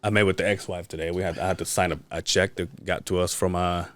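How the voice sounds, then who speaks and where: A man's voice: sits low, quick pace. A man co-hosting a podcast, telling stories in casual, profane chat. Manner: profane, animated storytelling with laughter. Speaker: podcast co-host.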